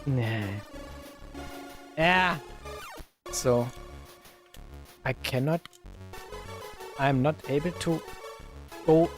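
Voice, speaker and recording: A man with a German accent, chatting slowly while he plays old computer games on a live stream, full of fillers and sudden cries at the game. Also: fairly high pitch, soft background music. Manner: slow, thinking aloud with many fillers, bursts of exclaiming at the game. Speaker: retro gaming streamer. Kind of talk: casual live-stream commentary.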